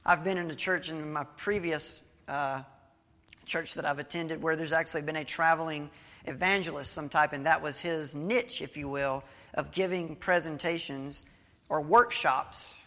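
A man's voice: fairly high pitch, moderate pace, pushed and bright. A male pastor giving a sermon, reading scripture and telling a story in a conversational preaching manner with small restarts. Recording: long hall reverb.

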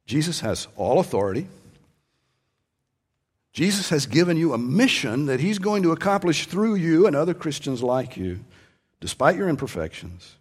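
A man's voice: fairly high pitch, sing-song, normal speed, breathy edge. A male pastor preaching a sermon in a conversational way, rising to strong emphasis on key points. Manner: conversational preaching with emphatic rises, ending in soft prayer.

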